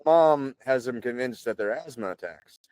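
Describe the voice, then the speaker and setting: A man in his thirties, a podcast guest, talking in a relaxed, chatty way full of "like" and "you know" and clearing his throat often. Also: mid-range voice, moderate pace, no echo. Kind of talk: casual conversational storytelling.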